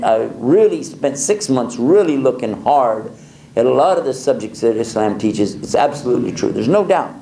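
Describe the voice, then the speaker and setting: A male preacher telling a personal story in a lively way, chuckling and acting out the dialogue. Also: medium pitch, moderate pace, creaky, slight background noise. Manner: animated, chuckles often, acts out dialogue. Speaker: Islamic preacher. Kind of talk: storytelling lecture. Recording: echoey hall with faint ambience.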